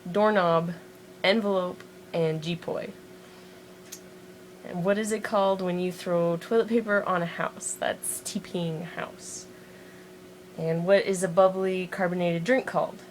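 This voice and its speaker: A woman's voice: fairly low pitch, a little hiss or hum, low-quality recording. A woman from Montana with an American accent, chatting casually and reading a word list aloud with self-deprecating asides, recorded on the built-in mic of a handheld music player. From Montana, USA. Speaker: vlogger doing an accent challenge.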